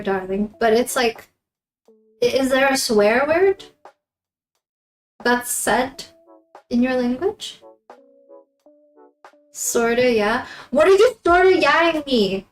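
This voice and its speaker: Slow, giggly woman streamer. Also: on the high side. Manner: giggly, laughs often between remarks. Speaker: live streamer. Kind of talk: casual chat with stream viewers. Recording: roomy echo, faint background music.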